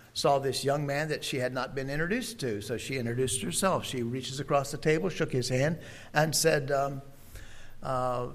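An older man, a preacher, telling a personal story in a folksy, unhurried way with many pauses and fillers. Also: mid-range voice.

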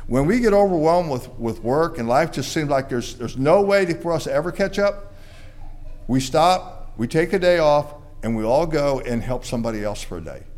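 Male preacher, somewhat high voice, emphatic sermon delivery with loud peaks and soft low endings. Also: expressive, moderate pace. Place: church before a congregation.

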